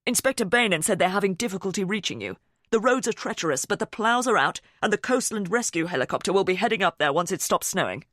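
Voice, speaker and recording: A woman's voice: medium pitch, expressive, quick pace, few pauses, fairly bright tone, dry recording, voice pushed up. A woman voicing a frantic father on the phone, tense and close to tears.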